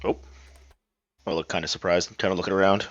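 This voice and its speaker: A man playing a tabletop game, describing his character's actions in a relaxed, laid-back way. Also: deep voice, quick pace, dry recording, dull audio. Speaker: player. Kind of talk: casual tabletop play.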